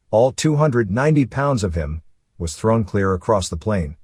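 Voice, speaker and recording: A man narrating a first-person memoir in a steady, matter-of-fact storytelling way. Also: fairly low pitch, breathy edge, dry recording, clean studio sound.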